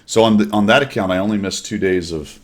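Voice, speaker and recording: Deep-voiced man hosting a chat. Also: fast talker. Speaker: host. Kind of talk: casual chat.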